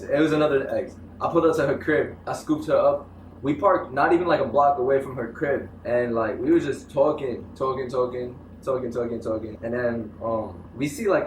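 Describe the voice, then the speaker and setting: A man's voice: mid-range voice, a little fast. A young man tells stories in a loose, slangy way, full of energy. His voice sits in the middle of the male range. It comes from a distance in an echoey room with a faint hiss behind it. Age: young adult. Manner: animated slangy storytelling. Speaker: interviewee. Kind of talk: casual storytelling. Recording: echoey room, mic from far off.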